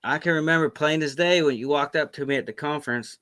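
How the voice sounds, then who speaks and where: A man, a guest on a live video-call chat who tells stories in an animated, laughing way. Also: on the high side, fast talker, no echo. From Florida Panhandle, US. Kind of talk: casual live-stream chat. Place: remote, joining a video call.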